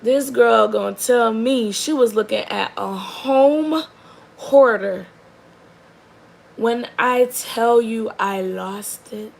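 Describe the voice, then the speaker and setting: Young mom vlogger with a gravelly voice, rambling storyteller who drifts between lively and quiet asides. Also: female voice, slight background noise, rough recording. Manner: rambling and animated, with many likes and restarts; drops to a soft, low murmur for long stretches. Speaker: mother telling a story about her daughter. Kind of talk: casual storytelling to the camera.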